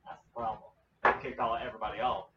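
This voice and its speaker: A man's voice: medium pitch, level tone, fast talker. Man, casual talker, insistent, restarts often; roomy, off-mic, slightly dull sound. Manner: insistent, repeats himself. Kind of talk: casual chat. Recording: roomy, distant, dull sound with faint noise.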